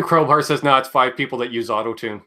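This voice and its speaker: Man, livestream host, jokey, chatty, reads comments, bright, punchy voice. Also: medium pitch, a little fast. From Canada. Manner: chatty, jokey, reading viewer comments aloud. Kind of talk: casual chat.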